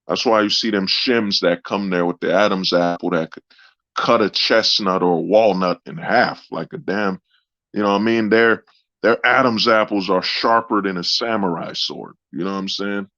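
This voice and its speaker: Low-voiced man, rambling sarcastic livestream rant, dry dull lo-fi audio. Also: dry recording. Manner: rambling, sarcastic, keeps saying you know what I mean. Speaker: channel host.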